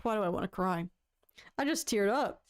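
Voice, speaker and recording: Talking to viewers on her casual livestream, a woman rambles on, stammers and restarts, and plays up her woes with mock drama. She speaks at a moderate pace in an expressive, mid-range voice.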